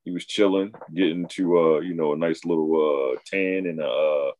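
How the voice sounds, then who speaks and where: A man's voice: rumbling low, steady tone, moderate pace, darkish tone. A man hosting a podcast in casual chat, with laid-back, profane banter. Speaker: podcast host.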